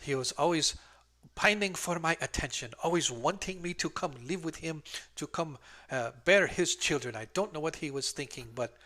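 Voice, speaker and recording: Fussy old midwife woman, motherly, doting broken phrasing, bright voice, man doing a voice. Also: on the high side, normal speed. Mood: flustered. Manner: doting, slightly broken speech.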